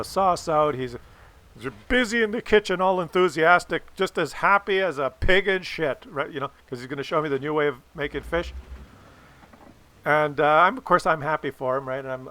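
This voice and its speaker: A man's voice: a little high, a little fast, bright, forceful tone. A man hosting a gaming channel, telling a rambling, profane story while he plays. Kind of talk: casual storytelling over gameplay.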